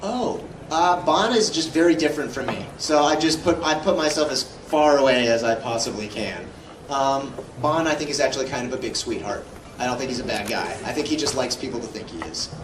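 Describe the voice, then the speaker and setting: A man with a medium-pitched, brisk voice is a guest on a live convention panel, fielding fan questions through joking stories. The audio is noisy and echoey, captured at a distance from the mic in a hall.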